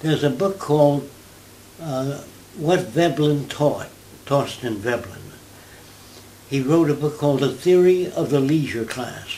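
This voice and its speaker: An older man from New York, answering an interviewer in conversational storytelling, with anecdotes and quick mimicked accents. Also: mid-range voice, animated, warm tone, roomy sound, slight background noise, rough recording.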